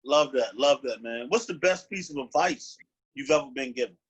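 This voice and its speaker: A man's voice: medium pitch, sing-song, normal speed, gravelly, husky, rough recording. A man hosting an interview, asking questions casually and encouragingly. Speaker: podcast host.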